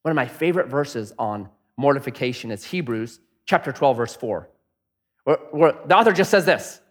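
A middle-aged man preaching a sermon, telling stories and swinging between punchy lines and hushed asides. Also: mid-range voice, lively intonation, normal speed. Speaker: pastor. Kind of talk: sermon with storytelling.

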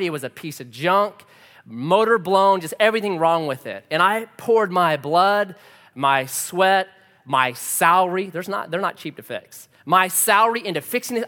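Animated male pastor in a big hall. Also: sits high. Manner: animated, conversational, self-deprecating humor. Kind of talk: sermon with personal storytelling. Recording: long reverb of a large hall.

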